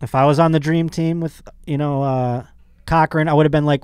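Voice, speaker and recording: A man's voice: fairly high pitch, a little fast, a little mellow, clear, resonant tone, no echo, studio quality. A man hosting his podcast in a casual comedic monologue, rambling and sarcastic. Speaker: podcast host.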